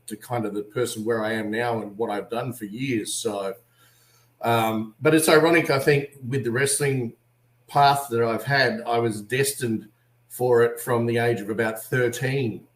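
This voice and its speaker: An Australian man in his forties tells an animated story on a video call, slipping into voices for the people he quotes. His voice sits in a middle pitch. The echo of the room around him comes through the call. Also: moderate pace. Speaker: guest.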